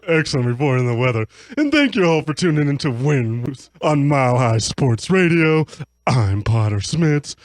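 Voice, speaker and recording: A man hosting as a mock news anchor on an improv comedy radio show, with stammering asides. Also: medium pitch. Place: radio studio.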